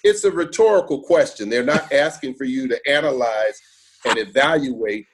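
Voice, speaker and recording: A man telling a story in a relaxed, conversational way, with lively asides and chuckles. His voice sits at an ordinary middle pitch. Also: normal speed. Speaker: former basketball broadcaster, guest. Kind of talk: casual storytelling.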